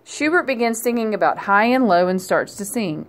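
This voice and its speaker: A woman narrating a children's picture book aloud in a clear, gentle storytelling manner. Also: mid-range voice, expressive, moderate pace, few pauses. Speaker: storybook reader.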